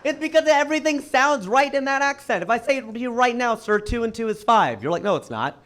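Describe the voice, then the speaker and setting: An American stand-up comedian with a bright, fairly high voice that leaps up and down in pitch as he lands his punchlines. His delivery is punchy and animated, building to loud emphatic peaks. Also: brisk, a crowd in the background, noisy background. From United States. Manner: animated, punchy storytelling with big pitch swings. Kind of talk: stand-up set.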